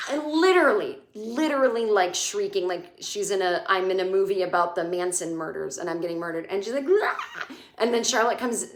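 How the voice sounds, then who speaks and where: A woman comedian in her forties giving a casual, sarcastic TV recap, swearing and acting out quotes in shrill voices. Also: a bit bright. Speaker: comedian podcast host. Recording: echoey room.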